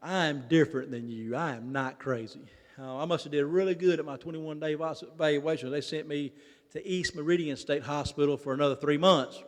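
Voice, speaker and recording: A man's voice: a little high, fairly quick. A man with a Mississippi Southern accent telling a folksy, self-mocking story to a recovery convention and acting out the people he quotes. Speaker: recovery meeting speaker. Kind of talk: humorous personal story told to a convention audience. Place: large convention hall. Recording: long reverb of a convention hall.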